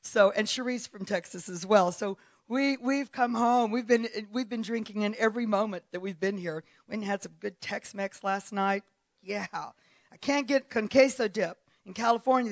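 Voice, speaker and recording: A woman's voice: fairly high pitch, no room sound, lo-fi sound. A woman from South Africa who grew up partly in Texas, a guest preacher opening her sermon with chatty remarks and laughter. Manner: warm, chatty, laughs often. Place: church pulpit.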